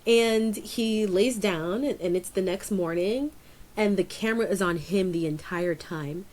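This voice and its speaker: A woman co-hosting a podcast in casual chat, rambling with many fillers and jumping up in pitch to stress a point. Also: a little slow, a little mellow. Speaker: podcast co-host.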